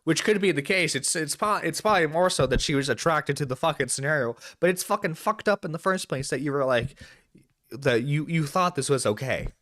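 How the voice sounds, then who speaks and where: A man's voice: a little high, fairly quick, fairly bright tone, no room sound, studio quality. A man giving an angry reaction commentary on a live stream, ranting and swearing with stammered restarts. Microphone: desk microphone.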